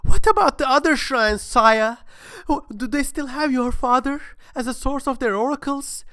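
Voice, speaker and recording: Man doing a gullible cult believer, eager, pleading, high and loud. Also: moderate pace, clean tone, no echo, studio quality. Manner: pleading questions.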